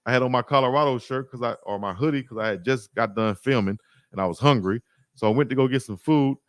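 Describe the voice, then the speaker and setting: A man from Alabama, hosting a sports livestream, telling stories in a slangy, lively way and reading chat comments aloud. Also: mid-range voice, quick pace, no echo, studio quality. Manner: slangy, animated storytelling, reads chat aloud. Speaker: sports YouTube host.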